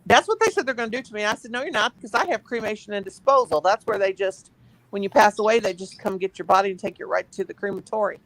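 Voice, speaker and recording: A woman's voice: medium pitch, quick pace, a bit bright, no room sound, low-quality recording. A middle-aged woman, chatting casually and laughing often while she crochets and counts stitches aloud on her channel.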